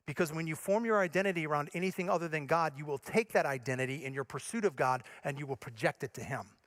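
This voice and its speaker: A male pastor from Michigan preaching a sermon, earnest and direct, swinging between emphatic points and soft, low passages. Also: fast talker. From Michigan, USA.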